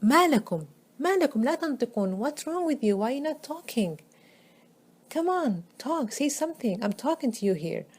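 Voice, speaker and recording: A woman's voice: high voice, very animated, fast, a little mellow, slightly rough, pitched above the performer's own voice, exaggerated voice. A woman voicing an angry teen boy taunting idols. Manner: taunting, raised and agitated. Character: angry sixteen-year-old young man mocking idols.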